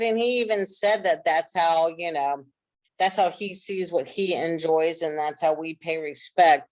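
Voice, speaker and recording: Woman, lowish pitch, dry close sound, earnest animated storyteller on a casual podcast. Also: a little slow, no echo, rough recording. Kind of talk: casual chat.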